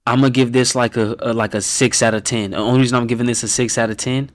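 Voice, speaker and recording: A man hosting a casual reaction stream who rates viewers' team picks, talking bluntly and with lots of swearing, laughing often and dropping to a low mumble when he reads out names. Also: fairly even intonation, quick pace, dry recording, clean studio sound. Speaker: host reacting to viewers' fan-picked football teams.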